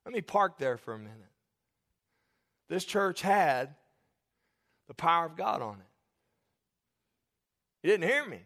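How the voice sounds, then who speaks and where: A man's voice: a little high, sing-song, measured pace, long pauses, a bit bright, in a large hall. A man preaching a sermon as pastor, emphatic with call-and-response and jokes, in a church sanctuary.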